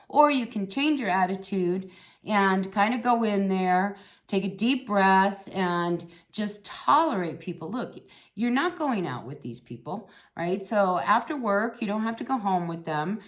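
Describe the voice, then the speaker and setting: A woman's voice: medium pitch, lively intonation, unhurried. A woman giving a casual, chatty tarot reading, encouraging and blunt, often tagging lines with "right?" and "you know". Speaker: tarot reader.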